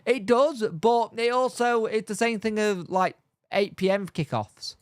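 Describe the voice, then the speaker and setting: A man's voice: sits high, a little slow, clean tone, no room sound, clean studio sound. A man hosting a football fan channel, chatting casually on a live stream and thinking aloud with lots of fillers.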